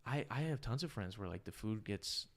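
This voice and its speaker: Animated young man telling stories. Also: moderate pace. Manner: animated, swears freely, jumps into high voices for quoted lines. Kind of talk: casual storytelling chat.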